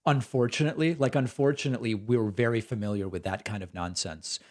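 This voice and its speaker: A man's voice: on the low side, fairly quick, a little mellow. A man hosting a political commentary stream, talking casually in a sardonic, mocking way.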